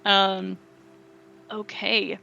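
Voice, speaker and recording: A woman runs a tabletop game at an unhurried pace, her tone bright and forward. She narrates haltingly, stopping to correct herself and filling gaps with "uh" and "um.". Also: medium pitch, level tone, creaky, lo-fi sound, slight background noise. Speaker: game master.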